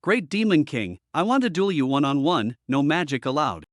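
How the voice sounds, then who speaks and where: A man's voice: on the high side, sing-song, normal speed, dry recording, clean studio sound. A man voicing a playful, pushy young woman in a recap story read-out. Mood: pestering. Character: lively bold young woman, playful pest.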